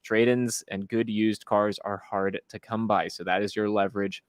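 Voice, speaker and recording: A man hosting a casual live-stream chat, upbeat and quick with promotional patter. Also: fairly low pitch, flat delivery, dry recording, clean studio sound. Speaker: host.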